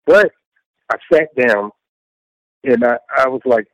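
A man's voice: medium pitch, lively intonation, takes it slowly, pauses often, dry recording, highs cut off. A middle-aged man recounting his faith testimony as an interview guest, telling it earnestly with lots of repetition and acting out what he said. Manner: earnest, repetitive storytelling with acted-out self-quotes.

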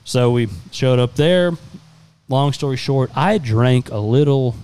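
A man's voice: mid-range voice, unhurried, darkish tone, clean tone. A man in his twenties, a podcast co-host, telling a rambling, profane story in casual chat. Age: 20s.

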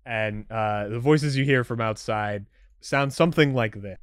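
A man's voice: medium pitch, measured pace, clear, resonant tone, dry recording, clean studio sound. A man narrating as game master in a casual tabletop session, with many fillers.

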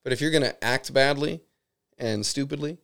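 A man's voice: medium pitch, moderate pace, creaky, a bit bright. A man who co-hosts a podcast and owns a shop, telling rambling anecdotes in casual chat and swearing freely. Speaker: store owner, podcast co-host.

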